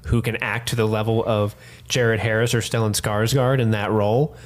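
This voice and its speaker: A man co-hosting a casual podcast, animated and laughing, swearing casually as he talks. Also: lowish voice, moderate pace. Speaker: podcast co-host. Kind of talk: casual chat.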